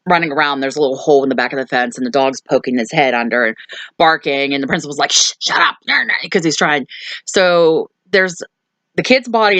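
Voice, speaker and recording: A woman with a low-pitched voice talks through a film's plot in a loose, chatty way, full of "um" and "like". Her voice sounds dry and close, with no room around it. She hosts a movie review channel. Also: no room sound. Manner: chatty, lots of fillers and asides. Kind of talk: casual movie recap.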